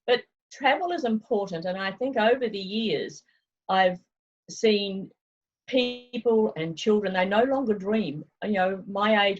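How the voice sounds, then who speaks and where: A chatty woman with a New Zealand accent speaks in a middle-pitched voice over a slightly dull, muffled video call line. She is frank, easygoing and quick to laugh. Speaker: travel agency owner. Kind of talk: remote interview, casual chat.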